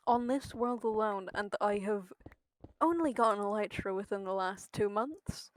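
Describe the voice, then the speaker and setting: A woman's voice: medium pitch, normal speed, dry recording. A woman streaming a game, chatting casually with her viewers and swearing freely. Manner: chatty, swears freely, talks to chat while playing.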